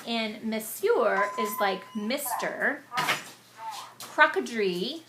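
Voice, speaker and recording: A woman reading a picture book aloud to children, animated and stopping to explain words to them. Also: high voice, a little slow, background noise. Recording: echoey room.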